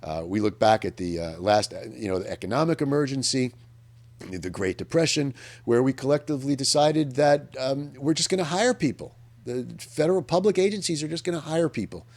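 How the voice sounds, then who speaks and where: A radio host with an animated, fairly quick, mid-range voice of darkish tone delivers a public affairs commentary. Earnest and emphatic, he talks in an unscripted monologue and often restarts sentences as he thinks aloud.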